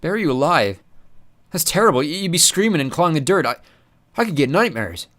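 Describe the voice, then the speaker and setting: A soft-hearted, squeamish hitman, put on by a male narrator. He stammers nervously in a raised, high voice with a lively swing. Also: quick pace.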